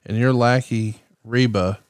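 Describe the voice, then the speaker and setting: A man's voice: mid-range voice, steady tone, a little slow, no room sound. A man in his forties co-hosting a podcast, ribbing his partner with mock outrage. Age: 40s. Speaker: podcast co-host. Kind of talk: casual chat.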